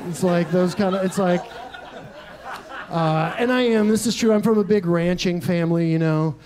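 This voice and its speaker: A young man from Texas, his voice sitting high for a man, works a comedy club crowd with a stand-up set. He tells absurd stories in a deadpan way and drops quick asides between them. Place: comedy club stage with audience laughter.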